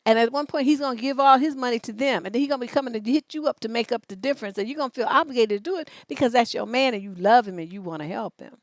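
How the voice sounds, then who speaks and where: A woman's voice: a little high, racing, few pauses, no echo. A woman relationship coach on a livestream advice show, reading out letters and answering in a blunt, profane, scolding way.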